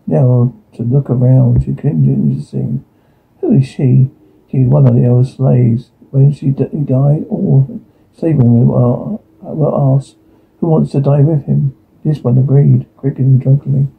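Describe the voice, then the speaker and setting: A man reading aloud a TV episode's audio description and dialogue in a flat way, often stumbling and repeating words. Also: mid-range voice, measured pace, gravelly, husky. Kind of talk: reading aloud a transcript with sound cues. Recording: tinny phone-like sound.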